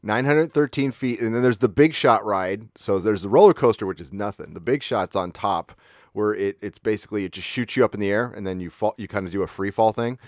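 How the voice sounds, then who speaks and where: Man, middle-aged, from San Diego, livestream host, casual chat, low voice, profane rambling stories. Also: fairly quick, no room sound, studio quality. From San Diego, California. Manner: laid-back, profane storytelling with sudden high-pitched outbursts.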